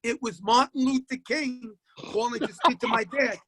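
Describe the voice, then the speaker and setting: A man, a high school basketball coach telling stories in a casual interview, animated and acting out voices. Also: normal speed. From Queens, New York. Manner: animated storyteller who acts out voices and repeats himself.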